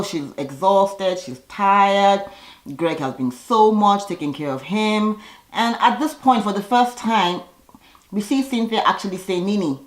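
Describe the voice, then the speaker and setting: Low-voiced woman, chatty and sassy, recapping TV in a roomy, echoey space. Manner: chatty and sassy, quick asides. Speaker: reality TV recap vlogger. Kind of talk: casual recap commentary.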